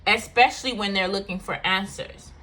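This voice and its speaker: A woman speaks straight to her viewers with a bright, forceful tone, recounting something personal. She talks candidly and emotionally, circling back with fillers as she goes. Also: mid-range voice, normal speed, a little hiss or hum. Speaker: vlogger. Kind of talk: personal storytelling to camera.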